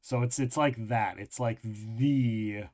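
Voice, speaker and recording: A man's voice: fairly low pitch, steady tone, slow pace, a little mellow. A man running a tabletop game as game master, narrating with frequent restarts while he searches for words.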